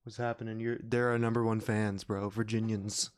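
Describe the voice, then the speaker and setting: A man's voice: on the low side, level tone, normal speed, a little hiss or hum. A man hosting a podcast in casual chat, rambling and full of fillers, laughing often. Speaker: podcast host. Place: podcast recording room.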